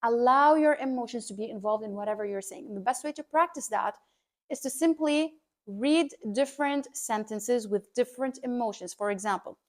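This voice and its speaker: A woman who coaches public speaking, talking to camera in an energetic, emphatic way and repeating her key points. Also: on the high side, moderate pace. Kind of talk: scripted educational talk to camera.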